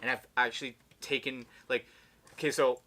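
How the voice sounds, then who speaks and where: A man with a bright, forward voice talks loosely and candidly as a podcast guest. His pitch sits in a middle range, and his speech is casual, with swearing and easy laughter. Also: level tone, moderate pace. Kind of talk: casual conversation.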